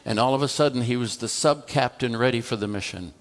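A man's voice: mid-range voice, fast. A male pastor telling a story in a conversational sermon, acting out the dialogue between the people in it. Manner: conversational, tells a story through quoted dialogue. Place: church.

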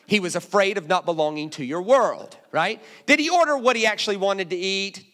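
Animated, lively-pitched male preacher. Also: brisk. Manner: animated, humorous storytelling with sudden drops to hushed asides. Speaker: guest preacher. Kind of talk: sermon. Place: church auditorium.

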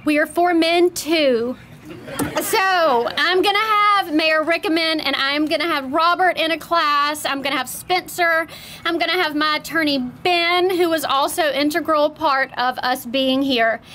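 A woman's voice: high-pitched, fairly bright tone, slight background noise. A woman, giving a heartfelt, teary speech at a podium as a new studio owner. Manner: emotional, teary, heartfelt thanks. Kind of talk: ceremony speech. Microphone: podium microphone.

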